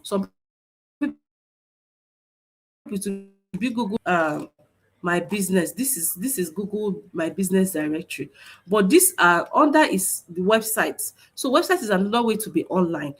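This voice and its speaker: A woman's voice: mid-range voice, husky. A woman teaching an online class over a screen share, explaining step by step with many fillers and restarts. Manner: repetitive, stop-start explaining with many fillers. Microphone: computer mic on a video stream.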